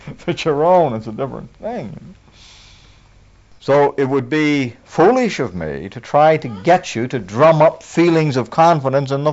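Folksy preacher man with a lively voice. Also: medium pitch. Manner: folksy, homespun, chuckles often. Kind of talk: conversational sermon. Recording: dull lo-fi recording.

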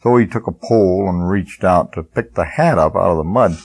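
A gravelly, husky older man preaching in a folksy, rambling way. His voice sits a little low. He wanders into homespun stories and chuckles along the way. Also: normal speed, darkish tone, rough recording. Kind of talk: sermon.

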